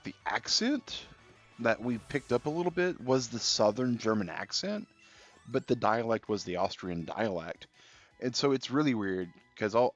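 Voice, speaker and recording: A man streaming a video game and chatting casually with viewers, relaxed and rambling, with many fillers and restarts. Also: fairly low pitch. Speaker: gaming livestreamer. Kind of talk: casual live-stream chat while playing. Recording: slightly dull stream audio with faint game music.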